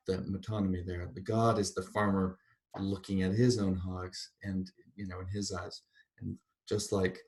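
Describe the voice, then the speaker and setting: A man giving a university literature lecture, reading passages aloud and pausing to explain them in a thoughtful, digressive way. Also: lowish voice, darkish tone.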